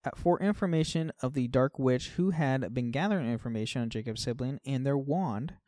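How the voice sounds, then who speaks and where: A man's voice: medium pitch, lively intonation, brisk, dry recording, studio quality. A man co-hosting a podcast, chatting casually about a game and often trailing off with "like". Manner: chatty, fillers like "like", trails off softly. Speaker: podcast co-host.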